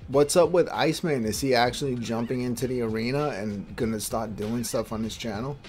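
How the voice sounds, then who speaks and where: A man hosting a casual talk show, asking his guest relaxed questions. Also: mid-range voice, a little fast, soft background music. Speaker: host. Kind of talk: casual chat.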